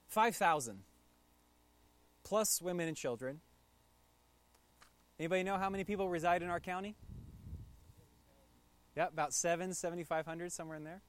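A man preaching a conversational sermon as pastor, telling the story in a relaxed way with playful asides. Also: on the high side, moderate pace, long pauses, no room sound.

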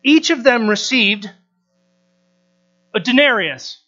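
A man from the United States delivers a sermon to a room full of listeners. His voice sits very high and rings bright and forceful as he presses them with rhetorical questions. The recording is dull and lo-fi, with a mains hum underneath. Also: lively intonation, slow. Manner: emphatic, asks the audience rhetorical questions. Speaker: preacher. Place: room with a live audience.

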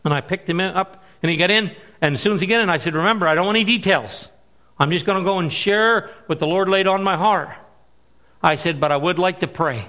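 A middle-aged man preaching at a missions conference, telling stories and stressing key words slowly. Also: high-pitched, pushed and bright. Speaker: missionary speaker. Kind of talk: sermon with storytelling.

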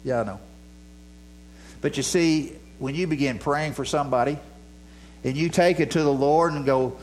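A man's voice: on the high side, normal speed, long pauses, slight background noise. A man preaching a sermon in a plain, conversational way, repeating his phrases to drive points home. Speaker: pastor.

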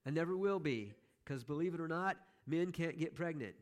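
A man's voice: a little high, lively intonation, moderate pace. A man preaching a sermon as pastor, conversational, with joking asides to the congregation.

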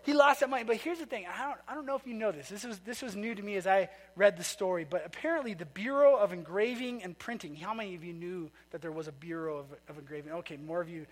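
A man's voice: sits high, fast talker, hardly any pauses. A man preaching a sermon to a congregation, telling a story in a chatty way and asking the people questions. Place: church sanctuary. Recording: long reverb of a large hall.

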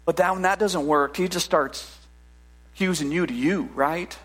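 High-voiced, animated male preacher. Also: normal speed. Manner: animated and conversational, with frequent restarts and "right?" asides. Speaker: pastor. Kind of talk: sermon.

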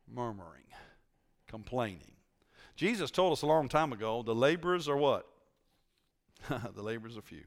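A male preacher with a bright, forceful voice delivering a sermon in a church. He talks in a conversational way, teasing his listeners and tossing questions out to the congregation. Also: mid-range voice.

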